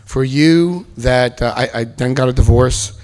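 A man's voice: medium pitch, measured pace. A middle-aged man telling his recovery story to an audience, acting out the voices of the people in it. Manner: animated storyteller acting out quotes. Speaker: speaker sharing recovery story. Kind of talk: personal testimony to an audience.

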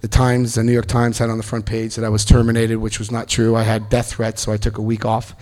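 Middle-aged man, storyteller at a talk; animated, acts out quotes, spikes into loud excitement. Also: fairly low pitch, fast talker. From New Jersey, US. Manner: animated storyteller acting out other people's lines, bursts of loud excitement. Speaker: speaker telling his recovery story. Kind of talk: personal storytelling speech.

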